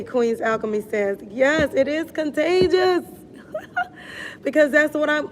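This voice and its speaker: High-voiced, unhurried woman coach. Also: a little hiss or hum. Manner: animated, laughing, slangy and blunt. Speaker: wellness coach. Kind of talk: casual live-stream chat.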